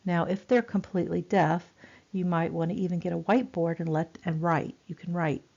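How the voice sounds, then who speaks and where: Gravelly-voiced woman lecturing on nursing. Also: on the low side, fairly even intonation, a little fast, darkish tone. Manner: chatty, repeats herself, many fillers. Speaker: nursing instructor. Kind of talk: recorded lecture. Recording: dull lo-fi recording.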